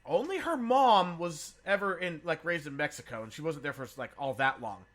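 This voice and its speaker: A man hosts a loose, casual podcast conversation with a bright, forceful tone and a voice that sits a bit high for a man. He swears freely and breaks into laughter often. He comes from San Diego. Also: lively intonation, moderate pace. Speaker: podcast host.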